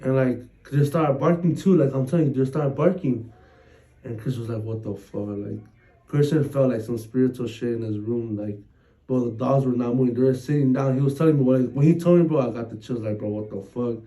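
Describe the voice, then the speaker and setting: A man's voice: mid-range voice, brisk, dark tone, distant mic, low-quality recording. A man co-hosting a podcast, telling a scary story in rambling casual chat full of slang and swearing. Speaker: podcast co-host.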